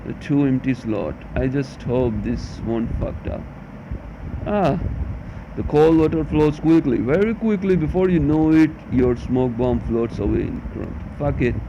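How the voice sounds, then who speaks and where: A gamer does let's play commentary on a text game, reading it aloud while swearing and grumbling. His mid-range voice is a little slow, and the recording is muffled with a faint hum.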